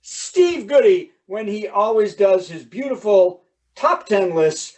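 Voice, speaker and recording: A man doing stand-up comedy on a video call, telling lively jokes and stories. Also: high-pitched, slow, recorded from a distance, low-quality recording. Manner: animated, joking, lively storytelling.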